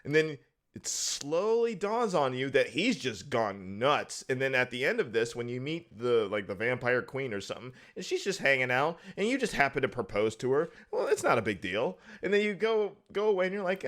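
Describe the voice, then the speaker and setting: A man co-hosting a casual chat about a video game, laughing often and acting out characters in quick voices. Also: medium pitch, very animated, a bit bright. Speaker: podcast co-host.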